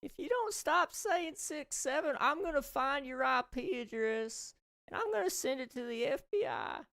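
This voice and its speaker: A man putting on a very high, quavery falsetto old lady voice on a live gaming stream, chatting and scolding his viewers with mock threats. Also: very animated, normal speed, vocal fry, sharp tone, no room sound, studio quality, exaggerated voice.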